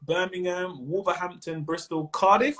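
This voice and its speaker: A man in his thirties with a London accent, a comedian chatting casually on a video call, animated and quick to mimic other voices. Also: sits high. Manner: animated, slips into mimicked voices and laughs often. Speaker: comedian guest. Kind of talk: casual chat.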